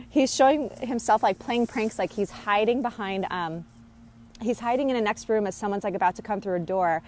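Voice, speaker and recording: A woman with a mid-range, darkish voice casually relays a spirit's messages in a channeling monologue. She is hesitant, full of fillers and restarts, and laughs now and then.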